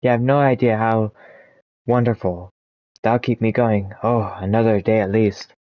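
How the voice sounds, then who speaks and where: A man voicing a cheerful, thirsty male head buried in the mud, chatty and quick to get annoyed, in a low voice. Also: fairly even intonation, no room sound, muffled recording, close to an everyday voice. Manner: chatty, pleading, easily annoyed.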